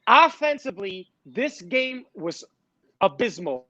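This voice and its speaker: A man's voice: high voice, very animated, slow, pushed and bright, dry recording, muffled recording. A man co-hosting a sports podcast, blunt and dismissive, swearing as he sizes up players. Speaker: podcast co-host. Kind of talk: casual sports chat.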